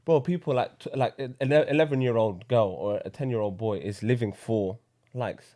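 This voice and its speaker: A man's voice: mid-range voice, a little fast. A young man, co-hosting a casual podcast chat and telling stories animatedly. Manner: animated storyteller, laughs while telling. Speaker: podcast co-host.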